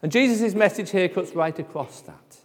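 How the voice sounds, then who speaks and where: High-voiced preacher in a reverberant hall. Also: male voice, animated, normal speed. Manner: emphatic, drops to a hush at phrase ends. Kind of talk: sermon.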